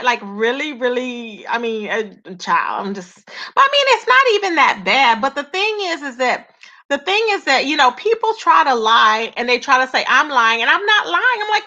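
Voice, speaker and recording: A chatty woman, her voice high and bright, who talks straight to her viewers in a loose gossip vlog. She loops back over her points and keeps calling them "child" and "y'all". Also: sing-song, normal speed, dull audio. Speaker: YouTube commentator.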